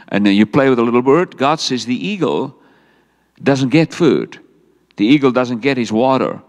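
A middle-aged man with a South African accent preaches a sermon, telling his story with lively energy and stepping into quoted lines. His voice rings through a large hall with long reverb, sitting at a middle pitch for a man. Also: moderate pace. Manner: animated storytelling preacher, voicing God and himself in quotes. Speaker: pastor. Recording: echoey hall sound.

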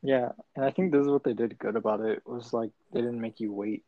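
A man's voice: mid-range voice, fairly even intonation, brisk, no room sound. A man co-hosting a movie podcast, chiming in with short, laid-back agreements. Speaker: podcast co-host. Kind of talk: casual movie-review chat. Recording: dull, dry, lo-fi mic.

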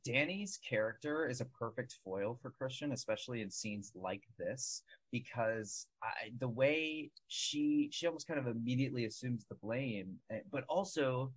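A man's voice: mid-range voice, animated, moderate pace, few pauses, breathy edge, no echo, low-quality recording. A man in a casual film podcast discussion, building longer analytical points about the characters.

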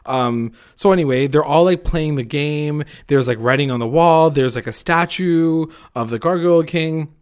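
A man's voice: on the high side, normal speed, hardly any pauses, clean tone. A man hosting a podcast, recapping a show episode in casual, filler-heavy chat and laughing often.

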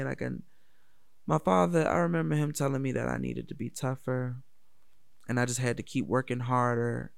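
A man's voice: medium pitch, moderate pace, vocal fry, no echo, studio quality. A man telling a personal story in a casual, candid, profane way. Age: adult.

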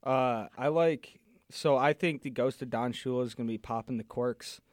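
A man co-hosting a casual sports chat with playful banter. His voice is mid-pitched and the sound is dry and close. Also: moderate pace, no echo.

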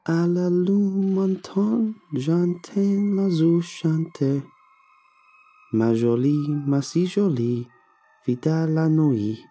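Guy doing a creepy girly ghost voice, high and quivery, dragging every word out super slow. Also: warm tone, soft background music. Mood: eerie singsong. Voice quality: light, quivering, slow drawn-out singing. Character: eerie unseen singer with a girl's quivering voice.

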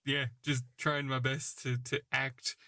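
A man's voice: mid-range voice, little pitch movement, measured pace, vocal fry, sharp tone, dry recording, clean studio sound. A man who is the game master, chatting on a podcast, agreeable and laughing often. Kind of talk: casual podcast chat.

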